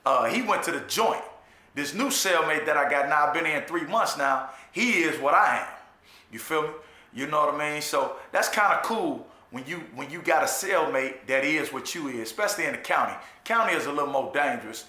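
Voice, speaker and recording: Bright-voiced man telling a street story. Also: a little high, a little fast. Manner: profane street slang, frequent "you know what I'm saying"; animated retelling with restarts and repetitions. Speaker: storyteller recounting his jail time. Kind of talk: casual spoken storytelling monologue. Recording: echoey room.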